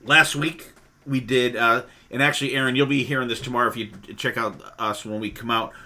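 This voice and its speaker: A man's voice: medium pitch, fairly even intonation, fairly quick, bright, forceful tone. A man hosting a podcast in casual chat, rambling with frequent restarts and casual swearing. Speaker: podcast host.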